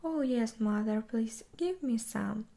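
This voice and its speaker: A woman's voice: a little high, expressive, slow pace, gravelly, warm tone, heavily acted. A woman whispering as a sly little boy, whispered role-play. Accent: Russian. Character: small sly polite boy.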